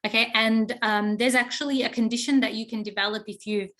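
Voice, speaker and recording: A young adult woman is teaching a psychology lesson. She explains patiently and steadily, often checking in with "okay?" and filling pauses with "um" as she goes. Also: a little high, fairly even intonation, a bit bright. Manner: explanatory, frequent "okay?" check-ins and fillers. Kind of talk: recorded online class lecture.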